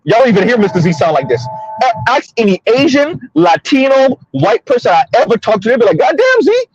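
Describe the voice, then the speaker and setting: A man's voice: very high voice, animated, a little fast, vocal fry, darkish tone, breathy edge, highs cut off. A man hosting a casual commentary monologue from his car, emphatic and repetitive, talking straight to listeners. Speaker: commentary host. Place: in a car on the road.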